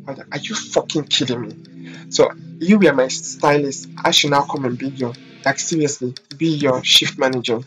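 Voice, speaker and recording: Guy telling a storytime, sassy and swearing a lot, medium voice, quiet guitar in the back. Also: mid-range voice, moderate pace. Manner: sassy, profane, dramatic storytelling. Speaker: vlogger, hairstylist. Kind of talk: storytime vlog.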